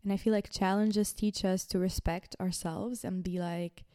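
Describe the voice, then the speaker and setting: A young woman hosting a podcast, giving casual motivational self-help talk in a chatty, expressive way, often saying "like" and "guys". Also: medium pitch, moderate pace, no room sound, clean studio sound. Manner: chatty and expressive, many "like"s, addresses listeners as "guys". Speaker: podcast host.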